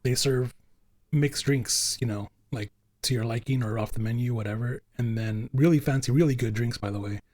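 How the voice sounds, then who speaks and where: A man's voice: medium pitch, moderate pace, darkish tone, no room sound. Man, podcast host, casual chat, rambling, lots of fillers, dry close mic. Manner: rambling, chatty, with frequent fillers and restarts.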